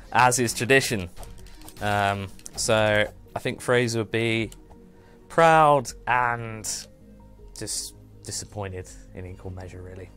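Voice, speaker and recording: A man's voice: lowish voice, a bit bright. A man hosting a casual game livestream, chatting in a rambling way and often trailing off and restarting. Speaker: livestream host. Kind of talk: casual gameplay chat.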